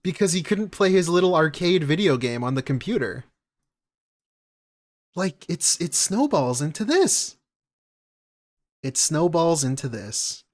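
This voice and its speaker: A man's voice: fairly high pitch, big pitch swings, a little slow, pauses often. Mocking man reacting to a clip. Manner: mocking, incredulous, laughing at the clip. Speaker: reaction commentator. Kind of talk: casual reaction commentary.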